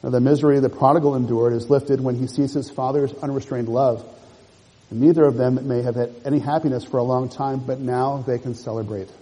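A man's voice: mid-range voice, fairly even intonation, warm tone, husky, in a large hall, low-quality recording. A man preaching a sermon, working through a passage verse by verse and explaining it to the congregation. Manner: measured expository preaching, rereads and explains verses. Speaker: pastor.

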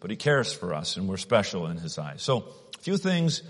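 A man preaching a sermon at an unhurried, deliberate pace, with some restarts. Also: sits low, very animated, husky, long reverb tail.

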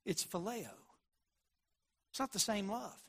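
A man preaching a sermon, swinging between loud emphatic lines and quiet murmurs, and acting out Bible dialogue. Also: a little slow, husky. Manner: preaching with big swings in loudness, from near-shouts to low murmurs; acts out Bible dialogue in quoted voices. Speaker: pastor.

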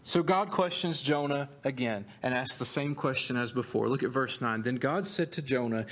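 A male pastor preaching a sermon, telling the story in an animated, conversational way with humorous asides. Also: mid-range voice, normal speed, few pauses.

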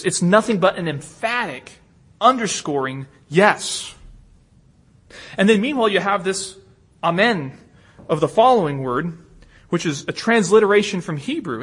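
High, husky preacher. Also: male voice, a bit bright. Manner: earnest, emphatic, repeats words as he restarts. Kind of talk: expository sermon.

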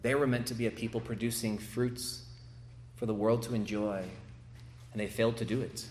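A man preaching an expository sermon, building to emphatic swells and slowing down to stress key phrases. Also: mid-range voice, fairly even intonation, a little mellow, a little hiss or hum. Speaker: pastor. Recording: echoey room.

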